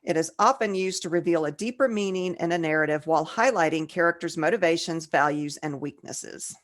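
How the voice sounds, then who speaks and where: A woman with a somewhat low voice chats casually as co-host of a writing podcast. She tells groan-worthy jokes and reads definitions out slowly, sounding slightly tipsy and loose. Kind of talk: casual chat.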